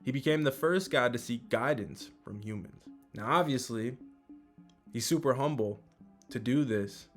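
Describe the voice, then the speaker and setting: A man's voice: mid-range voice, unhurried, faint music behind. A man casually recapping a manga chapter as host, with lots of fillers and some swearing.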